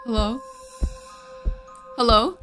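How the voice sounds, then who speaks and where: A woman commenting on a video game as she plays, joking and reacting loudly to scares. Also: fairly high pitch, slow. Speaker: gaming streamer. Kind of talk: let's play commentary. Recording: game music behind the voice. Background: game music.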